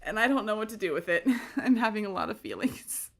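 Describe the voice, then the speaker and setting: A young woman giving excited, dramatic, laughing commentary on her game play-through, swearing freely. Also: mid-range voice, brisk, slight background noise. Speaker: streamer.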